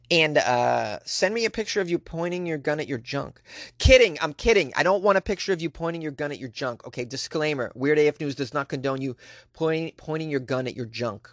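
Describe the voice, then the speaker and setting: A man's voice: on the high side, lively intonation, fairly quick, no room sound, studio quality. A man hosting a comedy news podcast, rambling and joking in a playfully exasperated way, recorded in a small bedroom closet. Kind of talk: casual comedic monologue.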